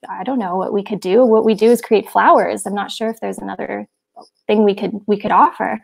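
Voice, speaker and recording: A woman's voice: medium pitch, fairly even intonation, a little fast, gravelly, a little mellow, breathy edge. A woman voicing doubtful flower spirits who answer hesitantly. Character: puzzled flower spirits, unsure.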